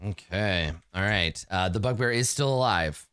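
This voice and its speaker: A man narrating a tabletop game as game master, halting with many fillers and frequent chuckles. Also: fairly low pitch, a bit bright, smooth, no room sound.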